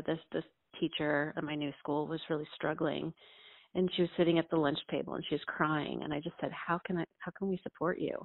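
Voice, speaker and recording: Woman, middle school teacher, earnest and reflective, lowish voice, dry phone-like sound. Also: no echo. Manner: earnest and reflective, with halting restarts. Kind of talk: casual conversation.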